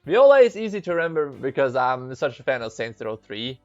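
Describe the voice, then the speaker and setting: A man's voice: mid-range voice, big pitch swings, brisk, a little mellow, dry recording, highs cut off. A man from Norway, giving chatty, giggly commentary while reading a visual novel aloud. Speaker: let's play gamer.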